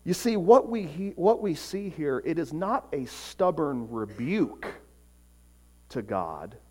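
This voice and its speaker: A man preaching a sermon, earnest, swinging from emphatic peaks to quiet, soft passages. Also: on the high side, sing-song, slow. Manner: acts out short voices in quotes. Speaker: pastor.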